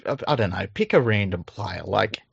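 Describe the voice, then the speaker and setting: Swearing Australian bloke, lo-fi podcast audio. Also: male voice, fairly low pitch, normal speed, creaky, breathy edge, no room sound. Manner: swears freely, rambling and animated. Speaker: podcast co-host. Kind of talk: casual banter. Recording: dull lo-fi audio.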